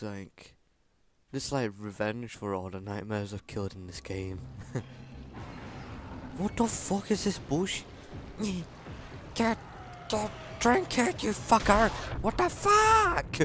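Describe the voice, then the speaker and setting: A young man shouting, laughing and swearing through panicky let's play commentary. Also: medium pitch. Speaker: gaming channel host. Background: game music.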